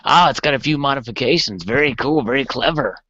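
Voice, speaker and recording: A man's voice: medium pitch, a little fast, pushed and bright, dry recording. A man from the Washington DC area hosting a casual live hangout, upbeat and reading the chat aloud. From greater Washington DC area. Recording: dull lo-fi online call audio.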